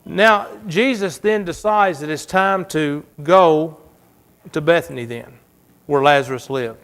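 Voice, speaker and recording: Pastor guy preaching in church, bit high voice, goes quiet then loud, dramatic storytelling. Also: measured pace, clean tone. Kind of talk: sermon.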